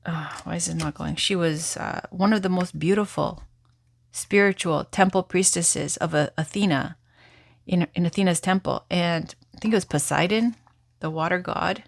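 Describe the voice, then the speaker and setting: A woman's voice: fairly low pitch, normal speed, gravelly, no echo, studio quality. A woman giving a casual, chatty tarot reading, rambling and swearing now and then. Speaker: tarot reader.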